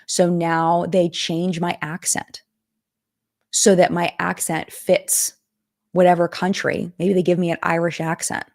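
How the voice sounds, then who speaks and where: A woman's voice: on the low side, level tone, a little slow, vocal fry, darkish tone. A woman hosting a casual live stream, thinking aloud as she reads viewer comments and contract text. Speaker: host of a live chat stream. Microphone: streaming setup.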